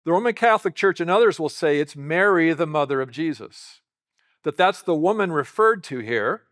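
A man's voice: fairly high pitch, lively intonation, moderate pace, a bit bright. A man preaching a sermon, teaching in a conversational way and putting rhetorical questions to the congregation. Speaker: pastor.

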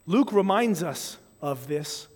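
A man preaching a sermon to a congregation, earnest and measured, acting out sample apologies and prayers as he goes. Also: on the high side, animated, a little mellow. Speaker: pastor. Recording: long hall reverb.

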